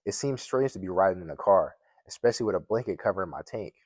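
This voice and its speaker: A man's voice: sits low, expressive, fast talker, darkish tone, breathy edge, no echo. A man reading a children's book aloud as a guest reader, plainly, with occasional slips and restarts.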